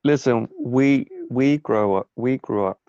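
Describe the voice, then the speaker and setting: A podcast co-host with a medium-pitched, unhurried, warm, clean voice rants in a casual chat, exasperated and swearing often. The recording is dry, with a dull lo-fi sound.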